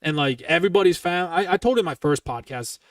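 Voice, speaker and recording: Fairly high-pitched and animated, a twentysomething podcast host rattles through a long story at a quick pace, heated, rambling and heavily profane. There's no room sound, just a dry recording somewhat distant from the mic.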